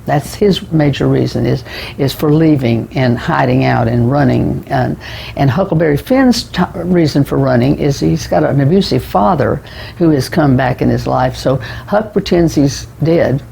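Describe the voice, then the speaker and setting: Casting: gravelly, dark-toned man, loose book-review chat with restarts, faint hiss behind. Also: mid-range voice, moderate pace, rough recording. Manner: rambling, with restarts and repeated words. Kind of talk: casual spoken book review.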